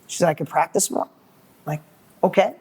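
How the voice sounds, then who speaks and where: Middle-aged male guest, motivational storyteller, animated, repeats himself when fired up. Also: on the high side, moderate pace, slightly rough. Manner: animated, acts out quoted dialogue, repeats words when excited.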